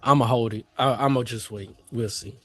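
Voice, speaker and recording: A man's voice: medium pitch, normal speed, a bit bright, slightly rough, faint music behind. A man co-hosting a trading livestream in casual slangy banter, feeling unwell and coughing a bit. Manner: laid-back slangy banter, hums and sings bits. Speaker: co-host trader.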